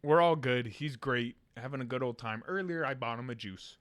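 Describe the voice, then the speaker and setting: Speaking at normal speed in a mid-range voice, a young man co-hosting a podcast recounts a funny story. He's animated and laughing as he acts out voices, screaming like a kid at points.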